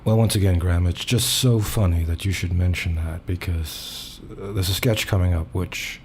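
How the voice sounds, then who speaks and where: A man's voice: deep voice, fairly even intonation, normal speed, darkish tone, a little hiss or hum. An older man hosting a comedy podcast, chatting hesitantly and with self-deprecating humor. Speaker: host. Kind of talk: casual comedy banter.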